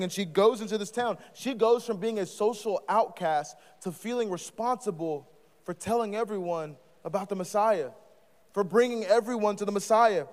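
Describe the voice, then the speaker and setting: A man preaching a live sermon as guest speaker, passionate and emphatic, swinging between urgent calls and quieter asides. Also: high voice. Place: church or student ministry hall. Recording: live in a large reverberant hall.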